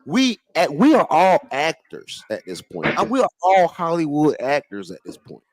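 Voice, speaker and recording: A man hosting a casual livestream chat, excitable and profane, jumping between loud outbursts and low muttering, and stumbling when he reads aloud. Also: normal speed, no room sound, poor audio. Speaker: livestream host.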